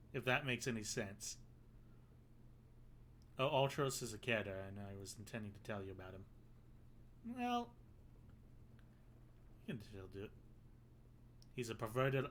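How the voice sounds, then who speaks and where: A man's voice: mid-range voice, fairly bright tone, a little hiss or hum. An American man giving casual, wry commentary while playing a video game, with muttered asides. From United States. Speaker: game streamer.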